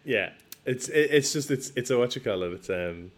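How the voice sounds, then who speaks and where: A man from Ireland chatting casually on a podcast, halting and repeating words as he tells a story. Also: mid-range voice, animated. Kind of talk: casual chat.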